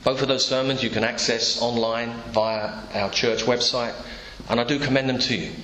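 A man's voice: medium pitch, fairly even intonation, moderate pace, sharp tone, slight background noise. A man preaching a sermon in a church, telling the story through imagined dialogue. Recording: echoey church room, faint ambience.

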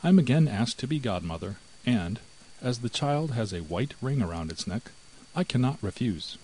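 A man voicing a greedy, sly female house cat in a storybook reading, with a cool, smooth manner. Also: medium pitch, sing-song, normal speed, warm tone, a little hiss or hum, close to an everyday voice, poor audio.

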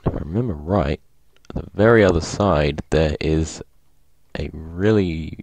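A man chats through a gameplay session with a deep, low voice, excitable and quick to laugh. He reads in-game text aloud between comments. The sound is dry, with no room echo. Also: creaky. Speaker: gaming video host.

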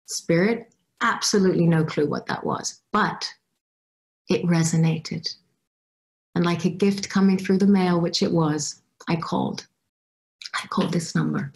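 A woman's voice: mid-range voice, moderate pace, darkish tone. A woman giving a personal storytelling talk as a guest speaker, reflective and acting out her past reactions. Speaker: guest speaker at a youth summit.

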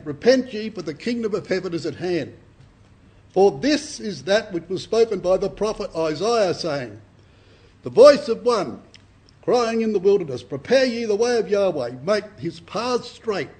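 A man's voice: high voice, darkish tone, husky. An older man, giving an earnest, emphatic Bible sermon to a congregation and often repeating his words. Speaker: Bible speaker.

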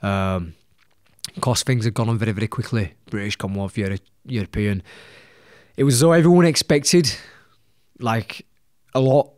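A man's voice: on the low side, moderate pace, a little mellow, dry recording, studio quality. A young man with a Leeds accent, a boxer telling his story as a podcast guest, blunt and swearing constantly. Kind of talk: casual storytelling.

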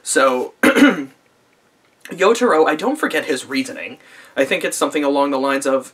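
A man's voice: mid-range voice, expressive, moderate pace, a bit bright, breathy edge. A man in his twenties giving a casual, profane vlog review of a show, rambling with lots of fillers and dry sarcasm. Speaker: anime reviewer.

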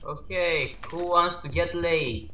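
A man's voice: a little high, slow, pushed and bright, slight background noise. A young man joking dryly with a friend while they play a game. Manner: dry, joking banter. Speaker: gamer. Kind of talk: casual gameplay commentary. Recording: echoey room.

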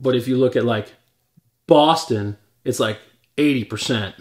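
American man, podcast co-host, chatty, jokey, casual discussion. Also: mid-range voice. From United States. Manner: chatty, quick to joke and interject.

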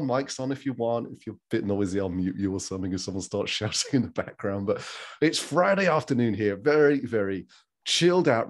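A man from England hosting an online forum over a video call, friendly and chatty, laughing often. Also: fairly low pitch. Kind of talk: casual video call chat.

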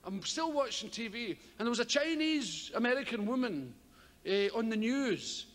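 A man's voice: extremely high pitch, very animated, moderate pace, a bit bright. An older man with a Scottish accent doing rambling, profane stand-up comedy on a theatre stage, often laughing as he talks. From Scotland. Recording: live theatre, long reverb, audience noise.

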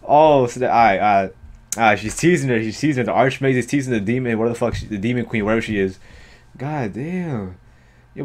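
A man reacting out loud to an anime episode in loose, casual commentary. He is excitable and slangy, swears freely and keeps breaking into exclamations, in a voice of medium pitch. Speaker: anime reaction video host.

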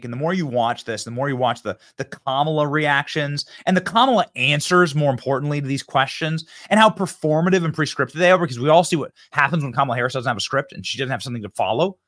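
Animated man hosting heated commentary. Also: fairly high pitch. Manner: emphatic and heated, with sudden outbursts. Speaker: show host. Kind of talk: political commentary monologue.

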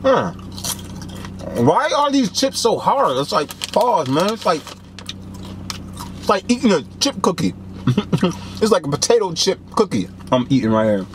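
A young man reviewing snacks in a casual vlog, talking in an animated, joking way full of slang. His voice sits a bit high and swings widely in pitch. A faint background noise runs underneath. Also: measured pace, long pauses. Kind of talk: casual taste-test vlog.

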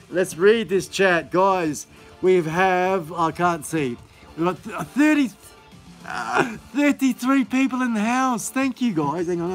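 A man hosting a live stream in a casual, rambling, enthusiastic way, full of fillers and restarts. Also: sits high.

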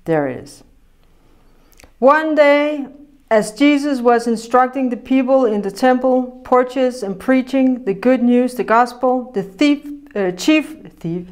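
A woman preaching a sermon in a lively, conversational way, acting out quotes and laughing often. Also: high voice, takes it slowly.

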